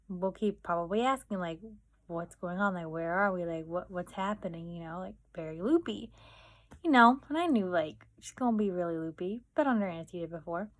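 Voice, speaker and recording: A young woman vlogging, telling family stories in a chatty way full of fillers and acted-out quotes. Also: mid-range voice. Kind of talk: casual storytelling.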